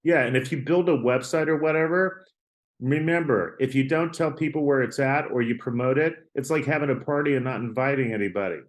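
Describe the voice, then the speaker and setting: A man tells stories as a guest on an interview podcast, chatty and rambling. He tosses in "right?" and "like" as he goes. His voice sits in a middle pitch. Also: a little fast. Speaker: artist guest. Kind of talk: casual storytelling interview.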